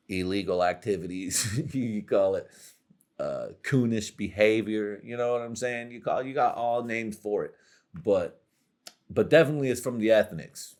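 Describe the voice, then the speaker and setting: Low-voiced man rambling crude comedy. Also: a little mellow. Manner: rambling, profane, slangy, laughs often. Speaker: podcast host.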